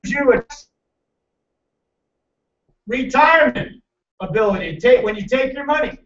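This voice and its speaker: A man presenting a financial seminar to a live audience, loud, emphatic and hectoring as he teases the crowd. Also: very high voice, lively intonation, moderate pace. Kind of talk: motivational seminar lecture. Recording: echoey, distant, dull room recording.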